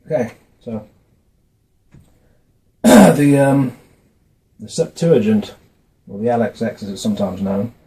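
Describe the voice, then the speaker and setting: Man, mid-pitched, dark mellow tone, casual talk from notes, halting with ums. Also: expressive, rough recording. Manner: hesitant, with frequent fillers and restarts. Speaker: video maker explaining a religious topic. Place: indoors, dim room. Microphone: camera mic, facing camera.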